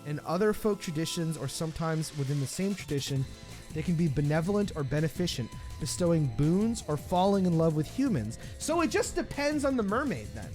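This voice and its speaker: A man hosting a video essay, giving crude comedic commentary in a blunt, jokey way. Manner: blunt, crude, jokey, with lively swings of pitch. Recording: voice-over with loud music behind.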